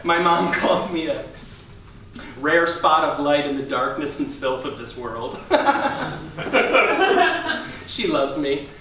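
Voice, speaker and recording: A man's voice: on the high side, very animated, slow pace, pauses often, bright, forceful tone, slight background noise, exaggerated voice. Man doing an earnest, odd young man. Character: sweet, odd young man proud of his mom. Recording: echoey stage from far off.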